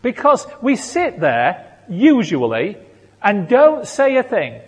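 A man's voice: high voice, wildly swooping pitch, slow pace, slightly rough. A British man preaching a sermon, earnest and rising to fervent appeals. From Britain. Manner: earnest, building to fervent crying out. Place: church hall. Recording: long hall reverb.

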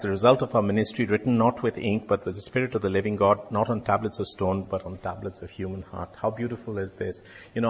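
A man's voice: on the low side, slightly rough. A man and doctor giving a conversational sermon, often repeating words and adding wry asides. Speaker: lay preacher and doctor. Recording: long reverb in a hall.

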